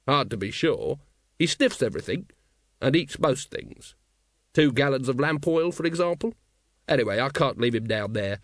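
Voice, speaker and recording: A man voicing a gruff, weary middle-aged watchman in a storybook reading, grumbling in a low tone. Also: lively intonation, normal speed, dry recording, clean studio sound, natural voice. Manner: gruff and grudging.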